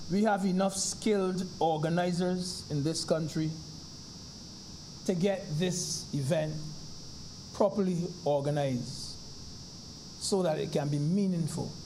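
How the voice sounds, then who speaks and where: A Barbadian senator speaks formally in the chamber, his high voice soft and mellow. He talks slowly and deliberately, addressing the chair. Faint room noise hangs in the background. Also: gravelly, poor audio. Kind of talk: parliamentary speech.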